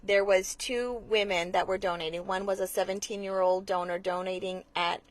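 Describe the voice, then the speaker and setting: A woman speaks as an interview guest, earnest and explanatory. She often restarts her sentences and fills pauses with small hesitations. Her voice sits at an ordinary middle pitch. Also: fairly even intonation. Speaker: blood center marketing manager, guest. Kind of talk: conversational interview.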